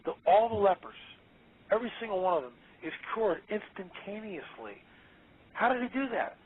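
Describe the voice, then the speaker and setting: A man's voice: sits high, normal speed, a little hiss or hum. Emphatic man on a tinny phone line. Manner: emphatic, excitable, repeats words. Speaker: guest author. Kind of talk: radio interview.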